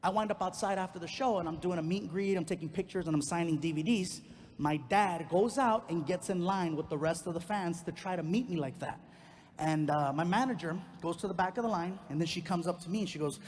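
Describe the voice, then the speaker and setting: A man doing stand-up comedy, telling a long personal story in an animated way and leaping into loud high voices for his characters. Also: fairly quick. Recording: reverberant venue with faint background noise.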